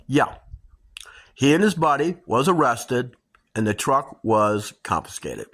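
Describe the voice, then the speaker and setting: A middle-aged woman host telling dramatic personal stories to her viewers in a casual, animated way. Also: rumbling low, slow, breathy edge. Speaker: homestead channel host.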